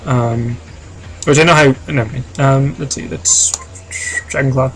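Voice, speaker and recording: A man's voice: medium pitch, fairly even intonation, a little slow. A man chatting casually on a live game stream, reading chat aloud and rambling with lots of fillers.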